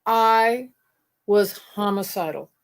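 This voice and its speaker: A woman hosting a casual conversation, telling a story in a blunt, exasperated, animated way. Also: medium pitch, takes it slowly, clean tone.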